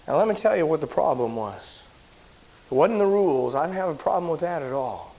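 A man preaching, telling a personal story in a sermon, animated and shouting at the big moments. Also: brisk, creaky, a little hiss or hum. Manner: animated storyteller, shouts at high points, drops low and quiet when somber.

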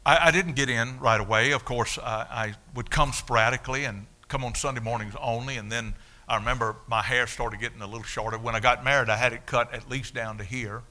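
An older man preaching his testimony in a folksy, animated storytelling way. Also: mid-range voice, fairly quick, few pauses. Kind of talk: sermon testimony.

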